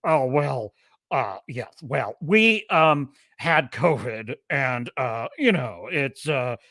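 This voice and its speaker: A man's voice: mid-range voice, animated, a bit bright, no room sound, voice pushed down, full character voice. A man mimicking a weary male studio executive who stammers evasively through fillers. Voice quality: halting, full of fillers.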